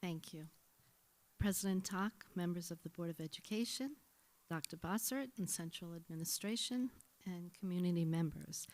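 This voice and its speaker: A woman's voice: fairly low pitch, moderate pace, darkish tone. A middle-aged woman reading a formal, slightly nervous speech at a school board meeting. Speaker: incoming acting assistant principal.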